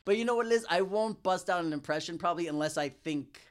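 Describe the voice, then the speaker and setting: A man's voice: high voice, quick pace. A man in his thirties, a podcast guest, rambling through casual chat with lots of fillers and swearing. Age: 30s. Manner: rambling, full of fillers and swearing, breaks into impressions.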